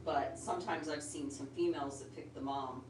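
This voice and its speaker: A woman's voice: a bass voice, steady tone, brisk. Chatty woman on a distant, echoey phone. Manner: chatty, coaxing her pet bird in a sweet tone. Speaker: bird channel host. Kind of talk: casual livestream chat. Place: home, indoors. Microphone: phone on a tripod. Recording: roomy, distant phone mic, loud noise.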